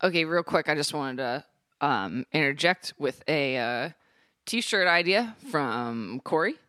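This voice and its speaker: A podcast co-host with a bright, forceful tone at a mid pitch. This voice chimes in with short reactions and playful jokes during a relaxed chat. The sound is close and dry. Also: no room sound. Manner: quick reactive interjections, playful asides. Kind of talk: casual chat.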